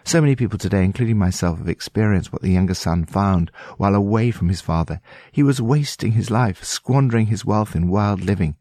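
Low-voiced man giving devotional commentary. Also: fairly quick, dark tone, no echo, clean studio sound.

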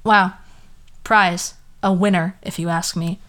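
A young woman talks straight into her podcast in a loose, ranting monologue. She sounds fed up and sarcastic, swears often and keeps breaking off into quick asides. Her voice sits at an ordinary middle pitch for a woman. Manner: exasperated, swearing, animated rant with sarcastic asides. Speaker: podcast host.

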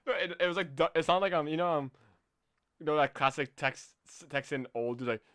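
A man's voice: on the high side, brisk. Young guy cohosting a chill podcast, laughs a lot, rambles, trips over his words. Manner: animated, laughing, lots of fillers and restarts. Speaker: podcast co-host. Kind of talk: casual chat.

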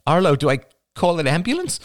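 A man's voice: a little high, very animated, brisk, pitched above the performer's own voice. A man voicing a frantic frightened young woman. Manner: pleading, frantic.

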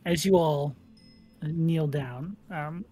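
A man running a tabletop role-playing game as game master, describing scenes in an unhurried, detailed way. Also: a little high, warm tone, soft background music.

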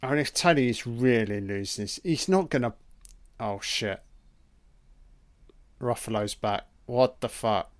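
A man's voice: mid-range voice, animated, unhurried, long pauses, dry recording. Profane, easily surprised male film commentator. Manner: swears a lot, exclaims in surprise. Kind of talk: casual reaction commentary.

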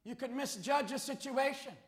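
A man preaching a fiery sermon as pastor, with rhetorical questions that build into shouts. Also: very high voice, moderate pace. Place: church sanctuary. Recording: echoey church hall.

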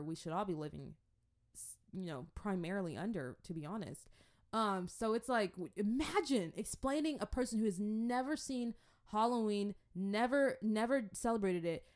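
A young woman from the Congo telling stories in a casual, playful way. She is animated and often slips into acted-out voices. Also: medium pitch. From Democratic Republic of the Congo. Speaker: vlogger. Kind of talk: casual storytelling commentary.

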